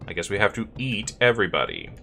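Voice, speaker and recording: A man's voice: fairly low pitch, huge pitch swings, fast talker, vocal fry, bright, forceful tone, soft background music. A man streaming a video game, reading its text aloud and joking playfully. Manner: playful, reads narration aloud. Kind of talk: casual gameplay commentary and reading game text.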